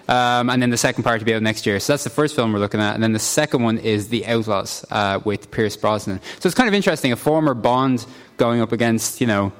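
A man's voice: medium pitch, fast talker. A man as a film critic on a live radio panel, wry and opinionated, talking before an audience in a hotel. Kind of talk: casual radio panel chat.

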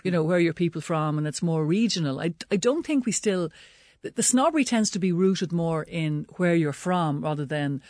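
A woman's voice: fairly low pitch, expressive, moderate pace, darkish tone, no echo, studio quality. A woman with a Dublin accent, a guest on a radio panel, talking in a chatty way with lots of fillers. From Dublin, Ireland. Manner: chatty, many "you know" fillers.

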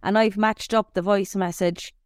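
A young Irish woman telling an animated story on a podcast, swearing freely as she talks. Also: medium pitch, moderate pace, no echo, studio quality. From Ireland. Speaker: podcast co-host. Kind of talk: casual chat.

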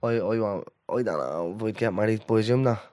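A man's voice: on the low side, brisk, darkish tone, no echo, clean studio sound. A young Irish man, co-hosting a podcast in blunt, laid-back banter. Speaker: podcast co-host. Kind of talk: casual chat.

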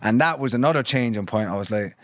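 A man's voice: mid-range voice, lively intonation, fast, dry recording, studio quality. A young man who grew up between London and Ireland, chatting loosely as a podcast guest, swearing freely and filling his talk with "like" and "you know". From London and New Ross, Ireland. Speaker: musician guest. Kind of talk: casual podcast chat.

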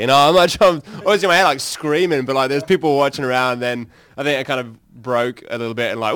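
A man, a band's singer, telling animated stories in an interview, laughing and acting out his own reactions. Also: medium pitch, quick pace, hardly any pauses, clean tone, no room sound. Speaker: band singer. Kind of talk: casual interview storytelling.

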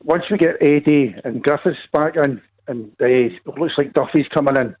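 A man's voice: a little high, normal speed. A Scottish man calling into a football phone-in, rambling and hesitant. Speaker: caller. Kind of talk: radio phone-in call. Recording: dull lo-fi phone line.

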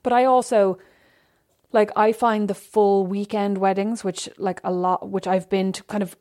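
Casting note: woman, podcast co-host, quick chatty storyteller, mid pitch. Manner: chatty, animated storytelling with quoted asides. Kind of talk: casual chat.

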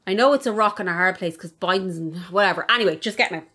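A woman's voice: medium pitch, very fast, bright, forceful tone. A young woman co-hosting a podcast in casual chat, blunt and sweary, laughing easily. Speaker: podcast co-host.

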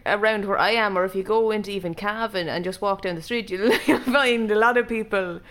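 A woman's voice: mid-range voice, a little fast, fairly bright tone. An Irish woman co-hosting a podcast, telling stories in casual chat and laughing often. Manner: chatty storyteller, laughs often. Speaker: podcast co-host.

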